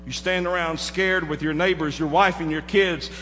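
A man preaching a dramatic story in a high, bright, forceful voice. He swings from loud to hushed. He is heard in a reverberant hall with faint noise behind him. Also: fairly even intonation, moderate pace. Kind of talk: sermon illustration.

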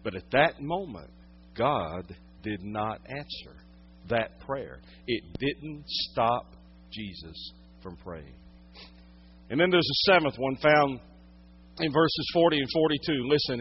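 A man's voice: mid-range voice, expressive, measured pace, slight background noise. Dramatic male preacher, muffled sound. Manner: dramatic swings from hushed to loud storytelling. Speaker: pastor. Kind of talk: sermon.

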